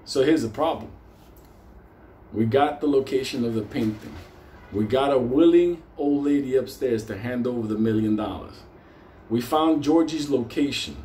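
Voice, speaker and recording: A man telling a casual story, swearing constantly and laughing as he goes. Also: medium pitch. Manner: animated, swears constantly, laughs through the tale. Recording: roomy echo with faint noise.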